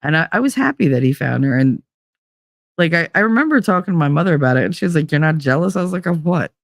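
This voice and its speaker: Lady spinning a story on her podcast, gravelly voice, dry close sound, swears a lot and laughs. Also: deep voice, expressive, fast talker, no echo. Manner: profane, laughing, acts out quoted voices. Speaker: podcast host. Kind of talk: casual storytelling.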